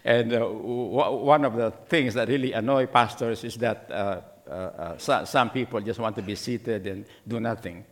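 A man's voice: fairly low pitch, normal speed, hardly any pauses. A middle-aged man preaching a sermon as pastor, asking the congregation many questions and acting out voices from scripture. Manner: acts out voices in the scripture story.

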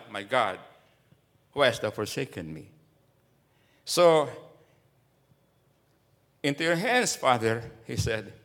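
A man's voice: fairly high pitch, a bit bright. A man in his seventies preaching a sermon to his congregation, emphatic and full of rhetorical questions. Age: 70s. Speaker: pastor.

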